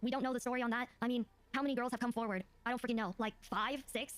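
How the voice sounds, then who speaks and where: Fast-talking high-voiced woman ranting. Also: fairly even intonation, noisy background. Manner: fast, heated ranting, reads messages aloud. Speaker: streamer co-host. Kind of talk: casual livestream commentary.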